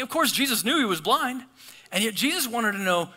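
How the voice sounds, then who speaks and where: A male pastor preaching a sermon in a church auditorium, animated and acting out the voices of the people in his stories. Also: very high-pitched, a little fast. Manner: animated, acts out voices in scripture and prayers.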